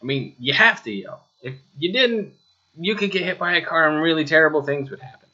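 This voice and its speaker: A man's voice: on the high side, lively intonation, a little fast, bright, forceful tone, highs cut off. A man teaching a spoken lesson, talking straight to the listener with rhetorical questions and a touch of sarcasm. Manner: mildly sarcastic asides. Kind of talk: spoken lesson over slides.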